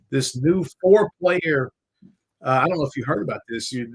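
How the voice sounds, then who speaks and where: A man's voice: medium pitch, breathy edge, poor audio. A man hosting a live podcast, chatting casually in a rambling, jokey way and swearing now and then. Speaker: podcast host. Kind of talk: casual live-stream chat.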